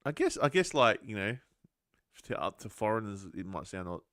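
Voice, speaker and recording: An Australian man talks loosely on a podcast with plenty of "you know" and "like." His pitch moves a lot from one phrase to the next. The sound is dry and close. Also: very animated, moderate pace, a bit bright, no room sound. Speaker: podcast co-host. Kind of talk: casual chat.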